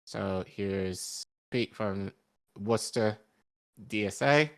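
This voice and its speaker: Guy with a bit of boston accent reading an article out on his news show, lowish voice, lots of ums and restarts. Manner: halting, many ums and self-corrections. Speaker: podcast co-host.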